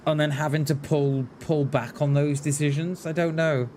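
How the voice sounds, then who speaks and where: This man speaks with a fairly high, level voice of darkish tone at a moderate pace, with a little hiss or hum in the recording. He's from Mid Wales and has a light Mid Welsh accent, casually live streaming as he plays a game, musing aloud and calling his viewers "mate."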